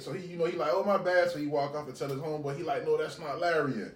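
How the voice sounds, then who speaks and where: Male co-host, rowdy storyteller, higher voice, mic a bit far off in a roomy room. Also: fast, a little hiss or hum. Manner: animated, laughing, acts out dialogue. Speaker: podcast co-host. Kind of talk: casual storytelling chat. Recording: roomy, distant mic, faint ambience.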